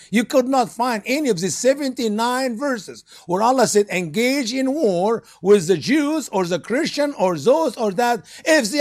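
A man teaching a church study group, emphatic and sarcastic, pushing his voice up into loud peaks. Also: a little high.

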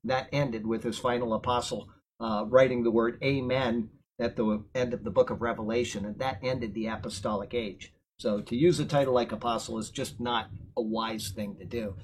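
A man teaching a Bible lesson, explaining words verse by verse and drifting into relaxed, chatty tangents. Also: medium pitch, normal speed, slight background noise, poor audio. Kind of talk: verse-by-verse Bible commentary with casual asides.

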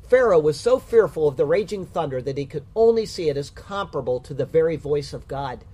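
A man giving a measured, emphatic Bible commentary in sermon style. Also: a little high, expressive, dark tone, husky. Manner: measured, emphatic reading with rhymed verse. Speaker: Bible teacher.

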